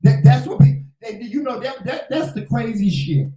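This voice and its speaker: A co-host in a casual chat, talking loudly and emphatically and swearing freely. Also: mid-range voice, sing-song, normal speed, soft background music. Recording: echoey room.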